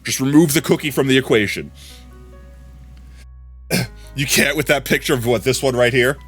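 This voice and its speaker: A male streamer chats loosely to his audience at an ordinary mid pitch, circling back over his own words and chuckling between thoughts. Faint music plays quietly behind him. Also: normal speed, breathy edge. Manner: rambling, repeats words, laughs often. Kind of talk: casual stream chat.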